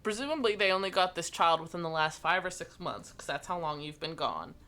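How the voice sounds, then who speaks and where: A woman narrating as game master of a tabletop game, slow and descriptive with frequent fillers. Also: fairly low pitch, animated, pushed and bright.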